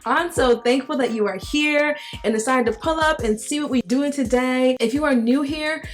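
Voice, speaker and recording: Lively slangy young woman storyteller. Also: high voice, normal speed, faint music behind. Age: young adult. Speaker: host. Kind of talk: casual Bible storytelling.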